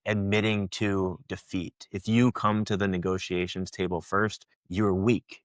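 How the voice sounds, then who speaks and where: A man's voice: low-pitched, fairly bright tone, no echo. A man hosting a podcast, answering his guest in a thoughtful, affirming way. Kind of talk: podcast interview.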